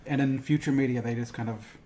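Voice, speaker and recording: A man co-hosting a podcast in casual chat, opinionated and animated, swearing offhandedly. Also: medium pitch, quick pace, slight background noise. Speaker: podcast co-host.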